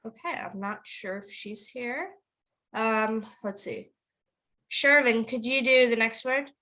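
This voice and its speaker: A woman teaching an online accent class to children over a video call. She drills words slowly and with emphasis, switching between English and Tamil. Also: fairly high pitch, sharp tone, rough recording.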